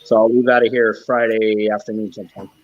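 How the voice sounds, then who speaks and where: A man's voice: lowish voice, level tone, fast talker, no echo. A man, a trucker, hosting a casual live chat stream, reading and answering comments and laughing often. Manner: chatty, laughs often, breaks into joking voices. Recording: dull lo-fi stream audio.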